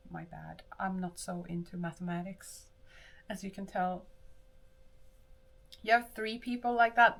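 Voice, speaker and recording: A woman with a mid-range, slightly bright voice livestreams while doing her hair, chatting casually with viewers and answering chat. She rambles and keeps restarting her sentences.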